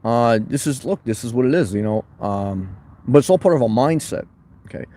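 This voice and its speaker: A man hosting a casual livestream from his van, reading chat comments aloud, loud and boisterous at times, calm at others. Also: medium pitch, moderate pace. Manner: loud, boisterous, shifting between fired-up and calm.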